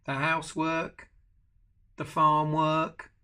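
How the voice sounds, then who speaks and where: A man's voice: fairly high pitch, completely flat delivery, takes it slowly, bright, forceful tone, clean tone. An older man voicing a lazy old male farmer calling out from bed in a picture book.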